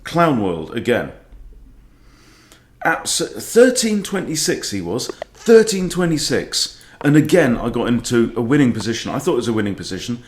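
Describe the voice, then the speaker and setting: A middle-aged man who coaches chess commentates live on his own online games, sighing, exasperated and poking fun at himself. His mid-range voice is very animated at a normal speed, and the room sounds echoey.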